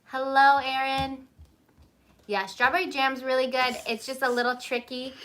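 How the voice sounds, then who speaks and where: This is casual live-stream talk from a woman in her thirties baking in a small kitchen at home, filmed on her phone; she's chatty, names her viewers as she greets them, and stops to direct her kids. Her voice sits high and a bit bright, steady in tone at a moderate pace, with a little hiss or hum.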